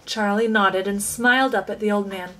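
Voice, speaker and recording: A woman reading a children's book aloud with expressive, animated storytelling. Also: mid-range voice, normal speed, low-quality recording. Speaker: reader.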